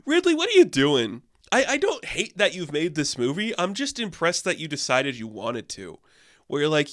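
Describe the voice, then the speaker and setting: A man's voice: wildly swooping pitch, moderate pace, fairly bright tone, no room sound. Dude doing a chill sweary movie review, tons of "like", voice shoots up when he's baffled, dry no-room sound. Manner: loose and profane, heavy "like" fillers, jumps up in pitch when incredulous. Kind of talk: casual spoken movie review.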